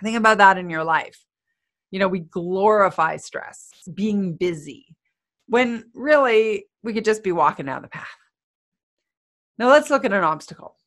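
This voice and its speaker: A woman giving a motivational talk in an energetic, playful, conversational way. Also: mid-range voice. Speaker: motivational speaker.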